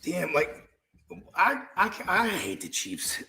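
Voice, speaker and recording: A man's voice: sits high, huge pitch swings, slow, bright, forceful tone. A man co-hosting a podcast, joking loosely and swearing while chatting over a game. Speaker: podcast co-host. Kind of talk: casual game-watching chat.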